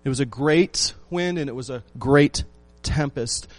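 A man preaching a sermon, asking his listeners rhetorical questions and repeating phrases for emphasis, swinging between loud lines and hushed ones. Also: medium pitch, a little slow, no echo, faint music behind. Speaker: pastor.

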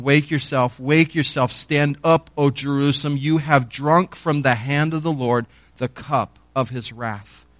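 A man's voice: a little high, a bit bright, no room sound. Earnest man preaching, dry sound. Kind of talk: sermon.

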